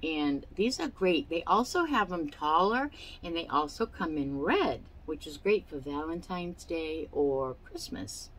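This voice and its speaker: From her home, a crafting channel host does a casual product show-and-tell, chatty and rambling, with fillers and hiccups. Her low, fairly bright voice has lively intonation and an unhurried pace, and the recording quality is low.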